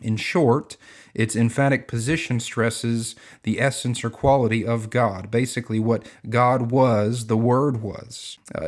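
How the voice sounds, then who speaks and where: Man, low voice, bible teaching podcast, earnest, measured, slows for quotes.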